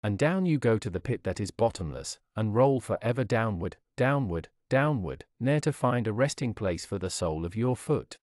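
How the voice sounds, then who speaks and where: Guy reading an old sermon, solemn, big swings in pitch, dry studio sound. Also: animated, normal speed, few pauses, a little mellow, dry recording. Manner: solemn, declamatory, rises and falls dramatically. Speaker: preacher.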